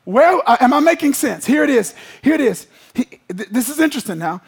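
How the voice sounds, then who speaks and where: A man's voice: very high-pitched, sing-song, a little fast, husky. A man preaching a sermon, emphatic, often checking that the congregation is following him.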